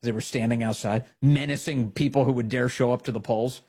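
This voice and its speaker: A man's voice: medium pitch, steady tone, brisk, hardly any pauses, a little mellow, breathy edge. A man hosting a political talk show, delivering indignant commentary full of sarcastic rhetorical questions.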